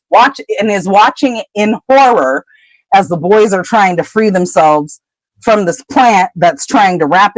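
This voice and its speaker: Woman co-host, lowish and dry, chatty recap storyteller who acts out quotes. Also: no room sound, poor audio. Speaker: podcast co-host. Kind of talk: casual book chapter recap.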